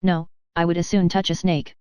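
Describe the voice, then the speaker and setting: A woman's voice: fairly low pitch, flat delivery, moderate pace, warm tone, clean tone, dry recording, close to an everyday voice. A woman voicing a stern, proud, cold aunt in a storybook, curt and commanding.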